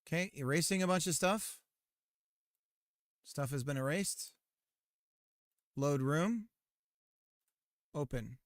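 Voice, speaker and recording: A man streams himself coding a game and chats in a loose, joking way, laughing easily and reading errors off the screen. His voice sits a touch high for a man. It is recorded close on a mic in a dry space with no room sound. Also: slow pace, long pauses, no echo. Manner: jokey, laughs often, reads errors aloud. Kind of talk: casual live-stream chat while coding.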